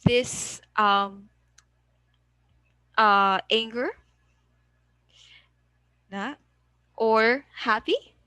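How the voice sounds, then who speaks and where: A woman's voice: on the high side, sharp tone, clear, resonant tone, dry recording, poor audio. A woman teacher reviewing a lesson, mixing English and Cebuano and often checking in with "okay?". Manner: slow, deliberate, switching between English and Cebuano, frequent "okay?" checks.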